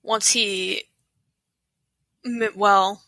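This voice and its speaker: A woman's voice: medium pitch, fairly even intonation, drawn-out words, bright, forceful tone, dry recording, rough recording. A woman co-hosting a podcast, chatting casually about a film, giggly and often hesitant as she restarts her thoughts. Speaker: podcast co-host.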